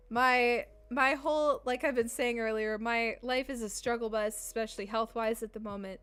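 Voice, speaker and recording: Smooth-voiced woman chatting with her stream. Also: on the high side, a bit bright. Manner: chatty and playful. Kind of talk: casual chat with stream viewers.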